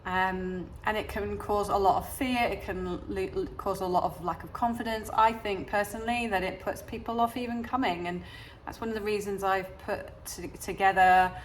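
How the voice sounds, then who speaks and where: A woman's voice: medium pitch, steady tone, moderate pace, a little hiss or hum. A woman with an English accent, a yoga teacher talking casually to camera, hesitant with many fillers and restarts. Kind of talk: casual talking-head chat.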